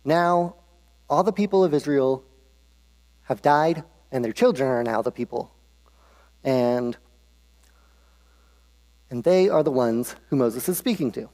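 A man's voice: mid-range voice, animated, unhurried, pauses often, a little mellow. A man preaching in a casual, humorous storytelling way, with frequent restarts, in a hall with a long echo. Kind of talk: casual Bible storytelling sermon.

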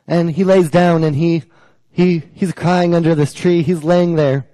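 A young man delivers a sermon, first reading scripture and then retelling it in plain, casual storytelling. His voice sits a little high but sounds warm and soft. The sound is close and dry, with no room around it. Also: fairly even intonation, measured pace, no echo, in a large hall, low-quality recording. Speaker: preacher.

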